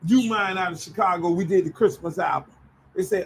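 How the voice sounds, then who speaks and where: High, animated man telling stories. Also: a little fast, gravelly, a little hiss or hum, rough recording. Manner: animated, profane, acts out voices in his stories. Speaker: show host telling stories. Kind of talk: casual storytelling.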